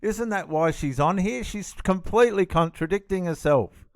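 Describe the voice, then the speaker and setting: A man's voice: sits high, moderate pace, no room sound, studio quality. A man giving indignant, emphatic reaction commentary on a clip, often repeating himself.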